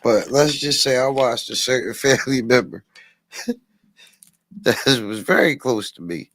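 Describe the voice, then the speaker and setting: A man in casual chat telling a story slowly, laughing as he talks. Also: mid-range voice, fairly bright tone, no echo.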